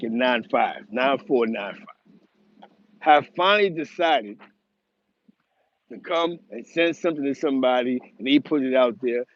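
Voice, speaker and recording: On his show, a Bronx-born host from New York offers a casual commentary monologue, emphatic and meandering, with frequent restarts. His voice sits at a medium pitch, and the sound is lo-fi.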